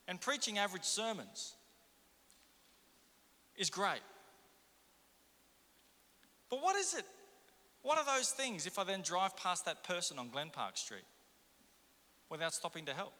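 Aussie pastor guy preaching hard, lots of questions to the crowd, high voice, long echo off the church walls. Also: sharp tone. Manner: impassioned, rhetorical questions to the congregation. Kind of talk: sermon.

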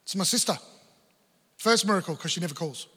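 Animated Australian preacher man, high bright voice. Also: fairly quick, in a large hall, slight background noise. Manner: animated storytelling preacher, acting out dialogue. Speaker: pastor. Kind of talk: sermon with personal story.

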